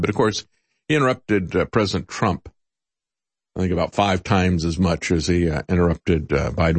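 A man's voice: slightly rough, dry recording. A man hosting a political talk show, giving opinionated commentary with sarcasm and mocking voices when he quotes others. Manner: animated, rising pitch in quotes.

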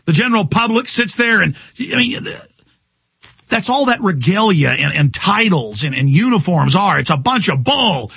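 Angry male radio host ranting, high raspy voice, punchy and forceful. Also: very animated, moderate pace, no echo. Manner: ranting, furious, breaks into shouts. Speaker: talk radio host taking calls. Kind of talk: angry political talk radio rant.

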